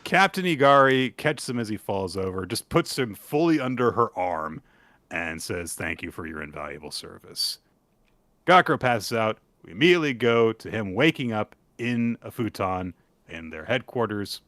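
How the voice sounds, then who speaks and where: A young adult man hosting a casual manga recap podcast, profane and quick to laugh. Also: fairly low pitch, expressive, fairly bright tone, no echo. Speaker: podcast host.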